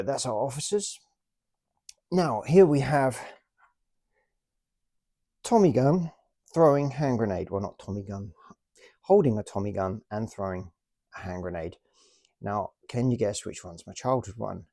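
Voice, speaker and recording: A man's voice: on the low side, creaky, dark tone, no echo, studio quality. A man hosting a casual show-and-tell about his toy collection, chatty and self-deprecating.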